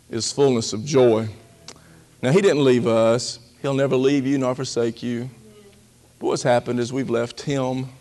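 Preaching with a mid-range voice that's a little mellow, the pastor keeps things folksy and humorous. Key words get drawn out, quoted lines are acted out at higher volume, and he laughs a lot.

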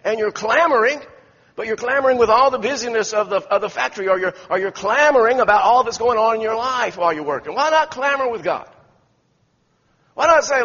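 A man's voice: very high-pitched, brisk, sharp tone. A man preaching a sermon in a church sanctuary, telling folksy stories with many restarts. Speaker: pastor. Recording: echoey church hall, dull lo-fi sound.

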